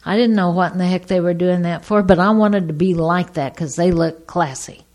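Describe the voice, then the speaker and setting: A middle-aged woman giving a personal testimony to an audience, a lively storyteller who acts out the people in her story. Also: lowish voice, moderate pace. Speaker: speaker sharing her recovery story.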